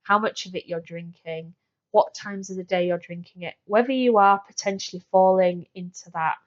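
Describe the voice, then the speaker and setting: A woman's voice: fairly low pitch, moderate pace, highs cut off. A woman hosting a solo wellness podcast, chatty and full of fillers and restarts. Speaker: podcast host.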